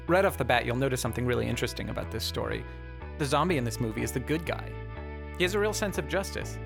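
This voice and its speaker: A man's voice: medium pitch, creaky, a bit bright. A man narrating a comedic film review in a wry, sarcastic way.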